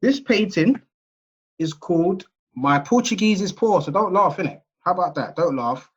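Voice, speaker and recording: This Englishman's seminar lecture comes through a video call with dull, muffled sound. He keeps it conversational and chatty, frequently checking in with listeners, his slightly husky voice pitched high and paced moderately.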